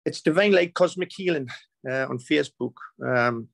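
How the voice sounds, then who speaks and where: A man's voice: on the high side, normal speed, fairly bright tone, no echo, low-quality recording. A man, a healer telling a story as the guest, rambling with repeats and broken restarts. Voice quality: gravelly. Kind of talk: emotional storytelling.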